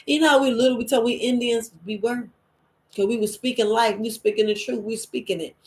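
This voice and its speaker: A middle-aged woman, hosting a wellness podcast in a lively, emphatic monologue. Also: fairly quick. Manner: lively and emphatic, with quoted voices and sudden high exclamations. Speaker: herbalist and podcast host. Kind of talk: casual spoken monologue.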